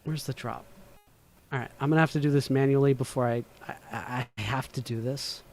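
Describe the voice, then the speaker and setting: A man's voice: medium pitch, steady tone, fairly quick, a little mellow. A man hosting a casual livestream from home, rambling, swearing casually and laughing often. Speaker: livestream host. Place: home room.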